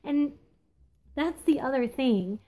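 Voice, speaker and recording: A woman in her thirties shares her thoughts in a loose, confessional monologue. Her voice sits a little on the high side. She stops often to find her words, filling the gaps with ums and quick asides. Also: lively intonation, dark tone. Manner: candid, confessional, halting with many ums. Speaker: podcast host. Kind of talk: casual reflective monologue. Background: phone texting interruptions.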